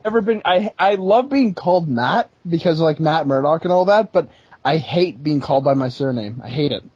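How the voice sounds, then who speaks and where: Young man, high husky voice, halting self-deprecating chat, lo-fi sound. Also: lively intonation, darkish tone, no echo. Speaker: podcast co-host. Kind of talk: casual chat. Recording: dull lo-fi sound.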